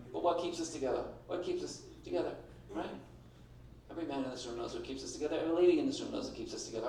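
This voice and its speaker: A man's voice: fairly high pitch, distant mic, background noise. A middle-aged man doing a stand-up comedy set, punchy and brash, slipping into mimicked voices. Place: comedy club stage with an audience. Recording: echoey room, picked up from afar.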